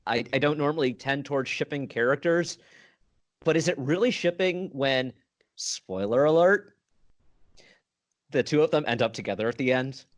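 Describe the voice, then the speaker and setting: A man's voice: mid-range voice, lively intonation, normal speed, long pauses. A man co-hosting a podcast about a book, chatting casually and playfully repeating words for comic effect. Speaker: podcast co-host. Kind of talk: casual book discussion chat.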